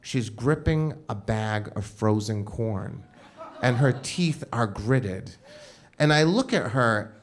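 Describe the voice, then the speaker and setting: A man's voice: mid-range voice, animated, slow. A man telling a personal story on stage at a live show, casual and comic, with frequent "like" fillers. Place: live show at a club venue.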